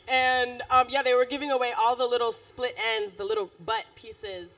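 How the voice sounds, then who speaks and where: Laughing high-voiced woman, casual chat. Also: animated, moderate pace, creaky, fairly bright tone, recorded from a distance. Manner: laughs often, loose and chatty. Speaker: podcast co-host.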